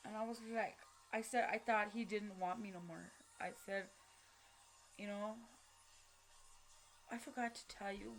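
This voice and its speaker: A woman telling her personal story in a halting, blunt way, with many fillers and restarts. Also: mid-range voice. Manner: blunt, with casual swearing. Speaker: vlogger.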